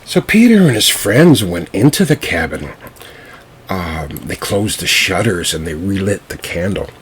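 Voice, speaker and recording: A man telling a folk tale to listeners, unhurried, with small fillers and restarts. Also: deep voice, sing-song, breathy edge. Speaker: storyteller.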